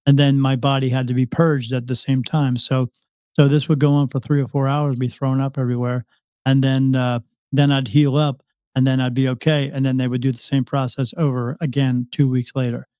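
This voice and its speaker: A man tells a long, rambling story as a guest on a casual podcast, often stopping to restart and to act out what was said. His voice sits at a middle pitch. The recording is dry and close, with little room sound. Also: flat delivery, fairly quick, a little mellow, clear, resonant tone, no room sound. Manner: rambling, with many restarts and quoted dialogue. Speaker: psychic medium guest.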